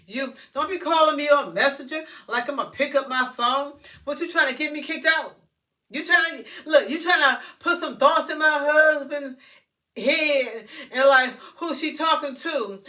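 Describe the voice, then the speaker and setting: A woman's voice: high-pitched, sharp tone. A woman vlogger talking straight to her followers in a loose, rambling, profane monologue. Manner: chatty, loose and profane, addresses viewers directly. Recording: voice a bit far from the mic.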